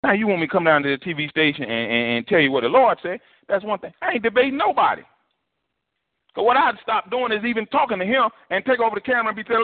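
A man's voice: sits high, fast talker. A man preaching a sermon as pastor, colloquial and preachy. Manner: preachy, colloquial, animated with put-on voices. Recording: tinny phone-like broadcast audio.

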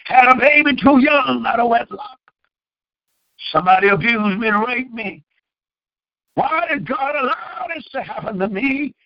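A man's voice: very high-pitched, lively intonation, unhurried, creaky, no room sound, highs cut off. A man preaching and praying as pastor, with fervent pleading questions. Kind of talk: sermon and prayer.

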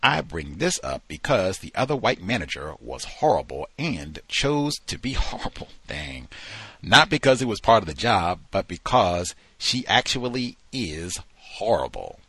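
Male call-in host, low husky voice, lively rise and fall, dry studio sound, reads emails out. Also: measured pace, no room sound. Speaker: radio show host. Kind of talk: call-in show host reading listener emails.

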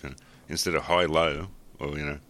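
A man's voice: a bass voice, moderate pace, no echo. An Australian man co-hosting a podcast, joking and laughing through casual banter. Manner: joking, lively, laughs often. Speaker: podcast co-host.

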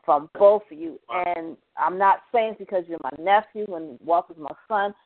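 A middle-aged woman, a ministry program director, speaking in a slow, emotional, earnest church manner. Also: on the low side. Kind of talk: heartfelt church talk. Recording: tinny phone line.

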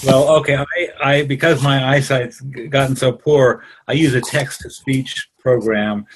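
A man in a group discussion who speaks haltingly and repeats words. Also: mid-range voice, steady tone, slight background noise, poor audio.

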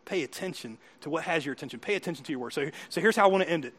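A man preaching a sermon as pastor, asking his listeners questions again and again and swinging from loud, emphatic peaks to soft, quiet asides. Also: fairly high pitch, lively intonation, racing.

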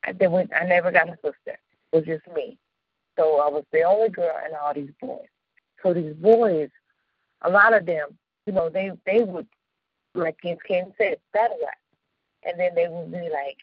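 A woman from the suburbs of Chicago hosting a radio show, telling personal stories in a casual, animated way with slang and frequent laughter. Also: fairly low pitch, normal speed, no room sound, highs cut off. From Chicago suburbs, United States. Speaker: radio host. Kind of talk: casual storytelling chat.

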